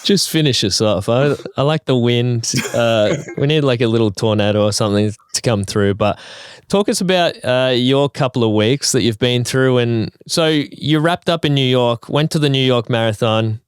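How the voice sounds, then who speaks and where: A man's voice: medium pitch, moderate pace, smooth, dry recording. A man co-hosting a podcast, chatting with dry, sarcastic humor. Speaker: podcast co-host. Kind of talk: casual chat.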